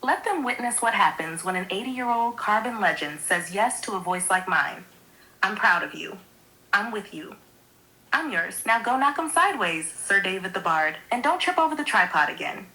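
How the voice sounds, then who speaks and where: A woman's smooth synthetic voice with a bright, clear tone. She delivers a scripted monologue in a sweet, theatrical, poetic manner, lingering on each phrase. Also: medium pitch, expressive, normal speed, rough recording. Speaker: AI companion co-host.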